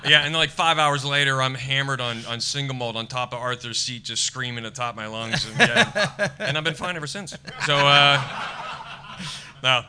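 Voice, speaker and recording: An American comedian, middle-aged, telling lively anecdotes in a casual chat and acting out other people's lines. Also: male voice, mid-range voice, normal speed, a little hiss or hum. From United States. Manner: animated storyteller acting out quotes. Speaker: stand-up comedian guest.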